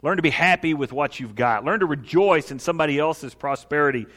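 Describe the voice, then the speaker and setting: A man preaching a sermon, retelling Bible stories with lively storytelling and voicing the figures in a lowered tone. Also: a little fast, big-room sound. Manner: animated storytelling, acting out biblical figures in a lowered voice. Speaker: pastor.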